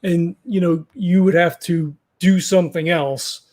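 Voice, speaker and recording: A man with a high, light voice runs a tabletop horror game as game master. He talks loosely and conversationally, working out the rules aloud as he goes. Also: fairly even intonation, unhurried, a little mellow. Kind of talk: running a tabletop game playtest.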